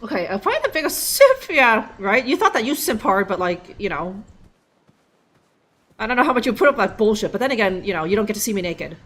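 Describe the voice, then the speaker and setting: A woman's voice: mid-range voice, expressive, brisk, fairly bright tone. A young woman streaming a game live, joking and rambling with lots of fillers. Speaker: livestream gamer. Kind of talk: casual live gameplay commentary.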